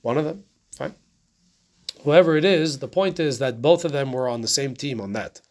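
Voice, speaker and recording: A man's voice: medium pitch, moderate pace. A man teaching a casual Torah class, talking conversationally, often asking rhetorical questions and checking in with "right?".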